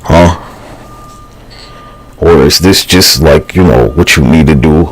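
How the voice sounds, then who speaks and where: A man's voice: rumbling low, takes it slowly. A man rambling through a livestream monologue, profane and slangy, drifting between thoughts with sighs and fillers.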